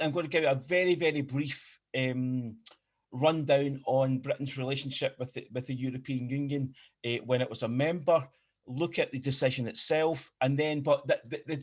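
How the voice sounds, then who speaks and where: Glaswegian man giving a lecture. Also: mid-range voice. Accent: Glaswegian Scottish. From Scotland. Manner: repeats words and restarts often while explaining. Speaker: guest lecturer. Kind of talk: academic lecture.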